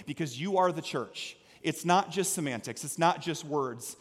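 A man preaching a sermon as pastor, energetic, swinging from quiet storytelling to loud exhortation. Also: a little high, moderate pace, few pauses. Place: church sanctuary. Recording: long reverb of a church hall.

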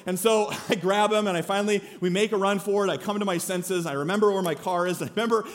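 A man in his thirties preaching a sermon, telling a lively personal story and then speaking quietly and earnestly. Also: high voice, quick pace. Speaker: pastor.

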